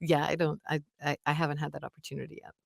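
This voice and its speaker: A woman's voice: deep voice, little pitch movement, rapid-fire, gravelly, no room sound. A young adult woman, an audiobook narrator, chatting casually as an interview guest with lots of fillers and frequent laughter.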